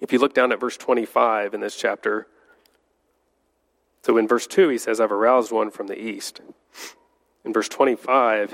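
Male Bible teacher, unhurried, fairly low voice, long reverb of a big room. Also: creaky. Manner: unhurried, stops to correct slips while reading. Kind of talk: Bible study teaching, reading scripture aloud.

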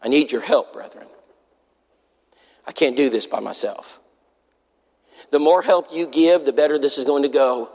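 A man preaching a sermon in a church, telling a story in an animated way and acting out the people he quotes. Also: mid-range voice, moderate pace, long pauses. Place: church sanctuary. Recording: long hall reverb in a church.

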